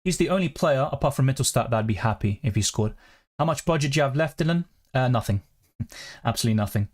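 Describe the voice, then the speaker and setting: Chatty streamer, swears freely. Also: male voice, mid-range voice, expressive, fast. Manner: chatty, swears freely, reacts while reading viewer comments. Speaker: fantasy football streamer. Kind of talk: casual live-stream chat. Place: at home.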